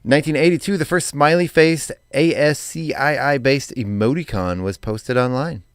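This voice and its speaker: A man's voice: medium pitch, moderate pace, clear, resonant tone, no echo. A man co-hosting a morning radio show, reading daily items with chatty asides in a studio. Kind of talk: casual radio chat. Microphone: studio mic.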